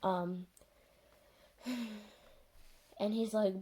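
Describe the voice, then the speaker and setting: Woman, mellow husky voice, sarcastic, chatty recap, lots of fillers. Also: mid-range voice, moderate pace. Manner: sarcastic, exasperated retelling full of "like" and "um". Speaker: TV episode reviewer. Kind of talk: casual spoken recap.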